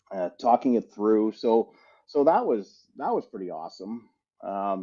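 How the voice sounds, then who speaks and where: Middle-aged man telling a rambling story. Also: fairly low pitch. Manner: lively, rambling anecdote with frequent restarts. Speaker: podcast co-host. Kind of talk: casual storytelling. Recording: slightly muffled audio.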